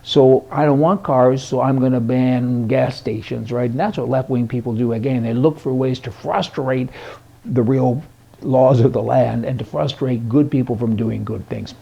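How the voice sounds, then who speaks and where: A man delivers opinionated news commentary in a folksy, sarcastic way, chuckling at his own jokes. His voice has a gravelly, creaky edge and sits at an ordinary pitch for a man. The recording sounds dull and lo-fi. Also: normal speed. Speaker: host of a conservative news commentary show.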